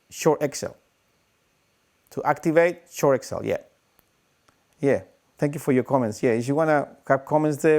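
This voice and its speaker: Male breathwork teacher, live stream, animated, slightly higher voice, demonstrates breathing with sighs.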